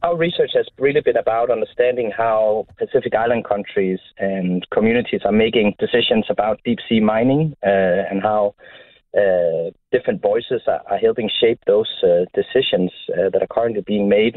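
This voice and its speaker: A man's voice: fairly low pitch, moderate pace, no echo. Hesitant male researcher on a phone line. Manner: hesitant, many uh fillers. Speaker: university researcher. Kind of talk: radio interview answer.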